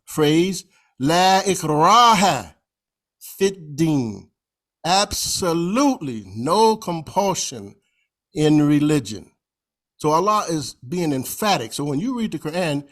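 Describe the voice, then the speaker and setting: A man giving a slide presentation over a video call, talking in a folksy, conversational way and stretching out recited phrases for emphasis. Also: fairly high pitch.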